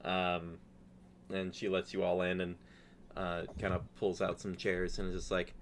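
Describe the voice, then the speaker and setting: Rambling low-voiced game master, light hiss. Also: male voice, completely flat delivery, unhurried. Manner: rambling, filler-heavy, laughing often. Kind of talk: narrating a tabletop game.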